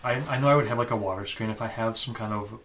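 A man's voice: lowish voice, quick pace, a bit bright. A man playing a tabletop game, speaking in character with a dry, joking manner. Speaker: player.

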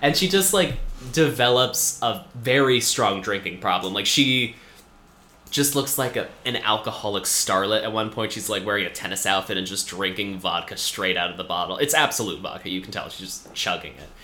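A man tells a long, rambling story about a TV episode, full of fillers and dry little asides. His voice sits a bit low but sounds bright and forceful. The recording is echoey, with the sound of the room around him. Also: normal speed, slight background noise. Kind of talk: casual chat recapping a TV episode.

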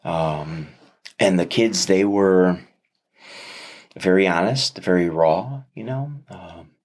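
Deep-voiced man sharing a heartfelt story. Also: a little mellow. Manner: earnest, reflective, speaks with many pauses and restarts. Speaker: interview guest, father. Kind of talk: heartfelt personal testimony in an interview.

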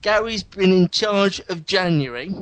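A man's voice: high-pitched, expressive, measured pace, background noise. A man hosting a casual podcast, wry and rambling, enthusing about television with his co-hosts. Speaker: podcast host.

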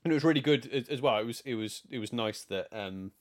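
A man's voice: mid-range voice, fast. A man co-hosting a podcast, chatting casually and rambling with many restarts and laughs. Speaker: podcast co-host. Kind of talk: casual chat.

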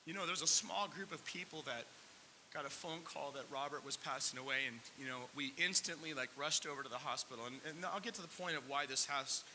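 A man's voice: on the high side, brisk, bright, forceful tone. A man preaching a conversational sermon, asking the congregation questions and close to tears at times. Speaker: pastor. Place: church sanctuary. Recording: long hall reverb with faint hiss.

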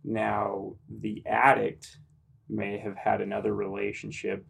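A man hosting a podcast, asking a guest slow, halting questions with fillers. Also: lowish voice, completely flat delivery, vocal fry, husky. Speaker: podcast host. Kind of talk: interviewing a guest.

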